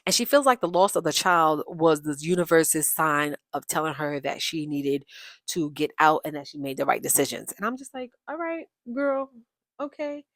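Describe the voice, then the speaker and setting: A woman with a fairly low voice talks through a reality show episode in a loose, opinionated way. She throws in lively, chatty asides as she goes. The sound is close and dry, with no room around it. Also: moderate pace, no echo. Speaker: reality TV recap host. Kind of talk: casual recap commentary.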